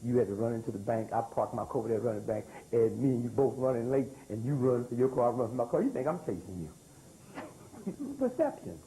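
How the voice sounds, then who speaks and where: An older man lecturing before a live audience, his pitch leaping high and sinking low as he works the crowd. He keeps asking the room to answer back and repeats his key words with heavy emphasis. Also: fast talker, a little hiss or hum, low-quality recording. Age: 60s. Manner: animated, calls out to the crowd for responses.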